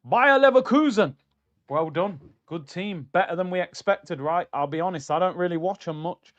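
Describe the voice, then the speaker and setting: Animated man chatting football on stream. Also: on the high side, normal speed, muffled recording. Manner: animated, chatty, answers chat comments. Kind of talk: casual livestream football chat.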